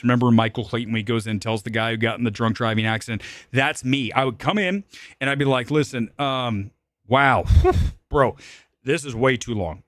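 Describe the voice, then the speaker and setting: A man hosting a live-stream movie show, ranting animatedly with swearing and sudden loud, high-pitched outbursts. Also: no echo, clean studio sound. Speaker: film critic and show host.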